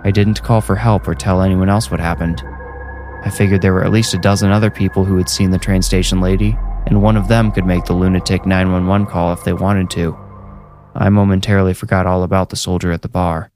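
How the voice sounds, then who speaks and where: A man's voice: deep voice, level tone, brisk, a little mellow. A man narrating a first-person horror story in a dry, matter-of-fact way. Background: faint music.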